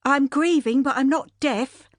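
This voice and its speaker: A woman's voice: high voice, measured pace, no room sound, studio quality, voice pushed up. A woman voicing a grieving, bitter widow. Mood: distraught. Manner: tearful, weary, bitter. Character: grieving widow, middle-aged, proud and sharp.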